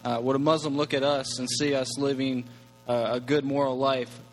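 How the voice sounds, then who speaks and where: A man's voice: mid-range voice, flat delivery, moderate pace. A male host asking questions hesitantly, with many fillers. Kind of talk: interview questions. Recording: reverberant room with faint hum.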